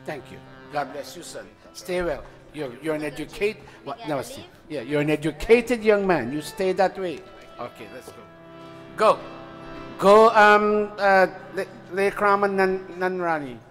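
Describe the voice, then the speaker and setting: A man's voice: high voice, unhurried, a bit bright. A man leading a weekly gathering, making casual announcements and addressing people by name in an informal, friendly way. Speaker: spiritual teacher leading a satsang. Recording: long hall reverb with faint music.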